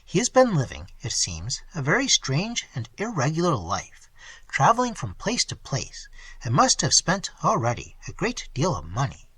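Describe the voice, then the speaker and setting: A man's voice: fairly high pitch, wildly swooping pitch, normal speed, fairly bright tone, husky, no echo, exaggerated voice. A man reading aloud and voicing a respectable middle-aged husband, earnest and slightly pompous.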